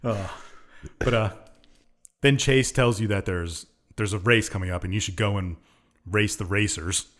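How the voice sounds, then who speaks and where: Rambling lower-voiced male podcast co-host. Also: unhurried, a bit bright. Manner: rambling, hesitant with many uhs. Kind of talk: casual chat recapping a game plot.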